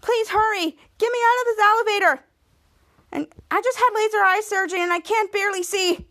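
A woman's voice: very high-pitched, brisk, a bit bright, voice pushed up. A woman voicing a frightened teenage girl trapped in an elevator, pleading and whining for help. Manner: pleading, whiny.

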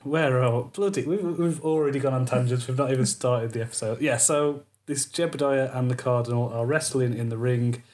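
A man's voice: mid-range voice, fairly quick, few pauses, darkish tone. Man, podcast co-host, loose jokey delivery that wanders off topic. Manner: rambling, jokey, trails off on tangents. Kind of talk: casual chat.

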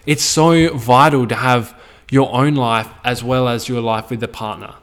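Australian guy, podcast host, casual rant, swears a lot, preachy, blunt. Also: medium pitch. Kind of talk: casual ranting monologue.

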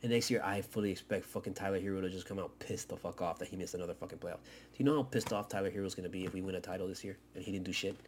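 A man hosting a fan podcast, ranting with heavy swearing and swinging from loud outbursts to low mutters. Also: rapid-fire, a little hiss or hum. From Miami area. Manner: profane, excitable, swings between shouting and muttering. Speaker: podcast host. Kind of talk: fan commentary rant.

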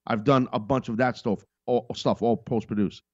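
A man's voice: mid-range voice, fairly even intonation, normal speed, a little mellow, no echo, dull audio. A middle-aged man hosting a podcast in a casual, rambling monologue. He talks emphatically and repeats his points. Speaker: podcast host.

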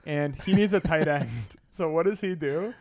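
Talking at a normal speed in a voice on the high side, a man co-hosts a sports betting podcast. He tells stories through casual back-and-forth and performs movie scenes with lively retellings.

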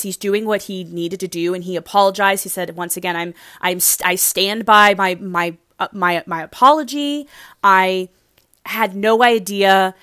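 A young woman recapping a reality show in casual chat, gushing and emotional, with lots of fillers, breaking into squeals when excited. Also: mid-range voice, dry recording, clean studio sound.

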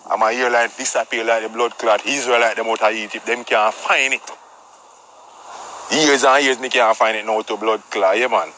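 A man's voice: fairly low pitch, steady tone, normal speed, bright, forceful tone, a little hiss or hum, rough recording. A man with a Jamaican patois accent telling a comic story as a brash, profane tough guy.

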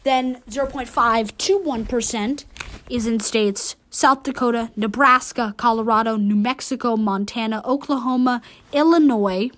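A woman's voice: fairly high pitch, normal speed, fairly bright tone. A woman hosting an amateur news show, reading long lists casually and correcting her own slips as she goes.

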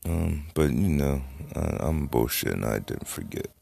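A man's voice: extremely low pitch, sing-song, measured pace, vocal fry, dark tone. A man hosting his own podcast, talking in a loose, rambling, profane way with lots of fillers. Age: adult, has a daughter. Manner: rambling, profane, laid-back. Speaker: podcast host. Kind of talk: casual solo podcast talk.

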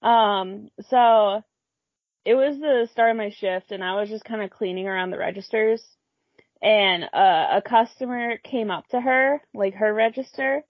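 A woman's voice: medium pitch, dry recording. A young woman who works retail, telling a workplace story in casual chat, full of fillers and swearing. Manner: chatty, swearing, filler-heavy. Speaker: retail worker. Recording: dry muffled lo-fi recording.

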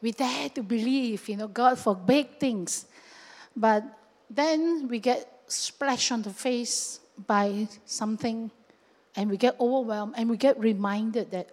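This woman pastor delivers her sermon slowly yet with animated energy, her somewhat high voice echoing with a big hall's lengthy reverb. She often breaks into brief acted-out voices and regional filler words.

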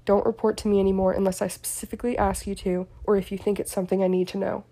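A woman's voice: mid-range voice, little pitch movement, fast talker, mellow, close to an everyday voice. A woman reading a story aloud and voicing a smug, teasing young male wizard with a smirking delivery. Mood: drunk, teasing.

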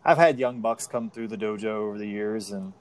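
A man's voice: on the low side, brisk, a little mellow. A middle-aged man, a martial arts instructor, talking frankly and plainly in a casual podcast chat.

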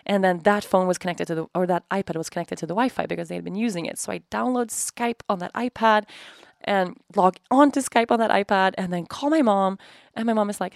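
Woman podcaster in her 30s, raspy fry, dry close sound, spills her story with feeling. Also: mid-range voice, dry recording. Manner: emotional, swears freely, acts out quoted dialogue. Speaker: podcast host. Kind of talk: candid personal storytelling.

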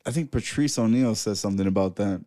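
A man's voice: on the low side, quick pace, mellow, dry recording, studio quality. A man co-hosting a podcast, blunt and teasing, dropping Spanish slang into his speech. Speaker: podcast co-host. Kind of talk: casual chat.

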